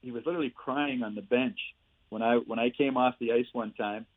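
An older man, a former hockey player and coach, telling lively stories as a podcast guest over a remote line. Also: mid-range voice, a little fast. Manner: lively storyteller, chuckles through punchlines. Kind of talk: casual anecdote-telling. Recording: tinny phone line, dry.

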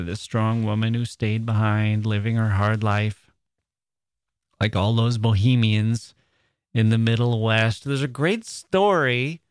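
Low-voiced male podcast host reading aloud. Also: dry recording, clean studio sound. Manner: measured, reflective, searching for words. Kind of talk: reading a novel aloud and commenting on it.

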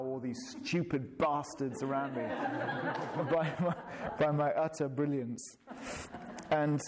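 A man's voice: mid-range voice, darkish tone. A man telling a reflective personal story in a wry, self-deprecating way, laughing at himself.

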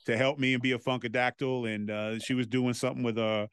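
A man, a former wrestler, telling stories as a podcast guest in a loose, animated way and swearing freely. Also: mid-range voice, fast, clear, resonant tone, no echo, clean studio sound. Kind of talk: casual anecdotal storytelling.

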